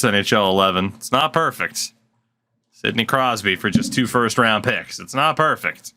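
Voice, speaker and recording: A man's voice: mid-range voice, expressive, moderate pace, pushed and bright. A man giving casual, sarcastic gameplay commentary at his desk mic. He swears freely and mutters to himself as he plays. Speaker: gaming channel host.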